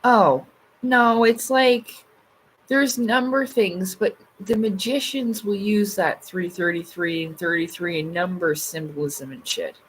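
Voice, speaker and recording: A woman livestreamer speaks a little slowly in a mid-range voice, reading comments and chatting casually with her audience. Her talk is loose, loaded with fillers and free swearing. The rough recording has a little hiss or hum.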